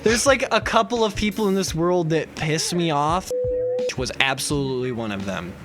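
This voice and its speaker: A young man chatting casually, telling stories with lots of swearing and getting loud when he retells arguments. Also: fairly high pitch, loud music behind the voice. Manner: animated storyteller, swears a lot, gets loud and rapid retelling arguments. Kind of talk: casual chat.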